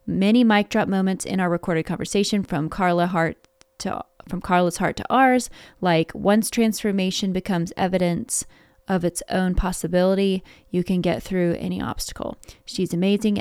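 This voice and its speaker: A woman's voice: fairly low pitch, steady tone, normal speed, a little mellow, clear, resonant tone, no room sound. A woman hosting a podcast, bubbly and effusive as she introduces and interviews a guest. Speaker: podcast host.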